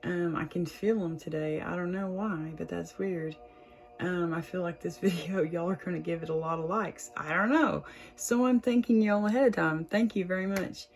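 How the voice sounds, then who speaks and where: A woman's voice: on the low side, fairly even intonation, moderate pace, faint music behind, rough recording. A young woman, chatting casually to her viewers as she reads tarot, laughing often. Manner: chatty, warm, lots of "y'all" and laughs. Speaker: tarot reader, channel host. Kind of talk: casual tarot reading to camera.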